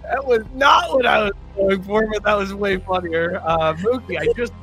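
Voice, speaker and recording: A man's voice: high voice, moderate pace, bright, forceful tone, soft background music, low-quality recording. A man hosting a casual sports talk show, upbeat and laughing often as he steers the talk. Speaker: podcast host.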